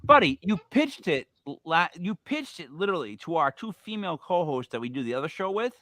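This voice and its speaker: Man, podcast host, joking storyteller, bright voice, dry sound. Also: high voice, sing-song, a little fast, no echo. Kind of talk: casual chat.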